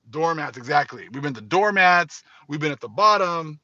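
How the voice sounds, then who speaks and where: A man's voice: fairly high pitch, animated, normal speed, pushed and bright, no echo, highs cut off. A man hosting religious commentary, speaking emphatically and repeating his points. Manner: emphatic, repetitive. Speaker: host.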